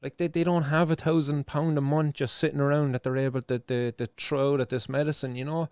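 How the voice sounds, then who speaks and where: A man's voice: a little high, flat delivery, a little fast, a little mellow, clear, resonant tone, no room sound, studio quality. An Irish man hosting a live news show, giving impassioned, emotional commentary, swearing freely and repeating himself as he presses his point.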